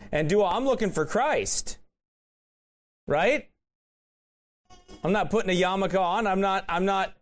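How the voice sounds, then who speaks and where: High-voiced man preaching a sermon. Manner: conversational preaching with rhetorical questions.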